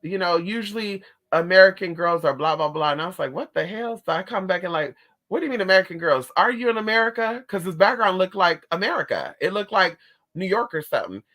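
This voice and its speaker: A woman's voice: lowish voice, expressive, fast, fairly bright tone. A woman telling a personal story in a sassy, dramatic way, calling her listeners honey and girl. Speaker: spiritualist vlogger. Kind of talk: casual storytelling to camera.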